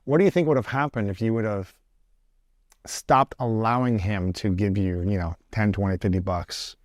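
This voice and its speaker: A man's voice: fairly low pitch, steady tone, moderate pace, dry recording, studio quality. A man hosting an interview show, curious and affirming, asking probing follow-up questions. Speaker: podcast host. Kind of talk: interview conversation.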